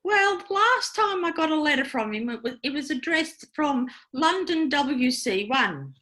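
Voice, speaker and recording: Eine Frau, die eine ältere irische Mutter mit irischem Akzent spielt, die sich um ihren Sohn sorgt. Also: female voice, high voice, animated, unhurried, bright, forceful tone, exaggerated voice. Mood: plaintive. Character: older Irish mother worried about her son.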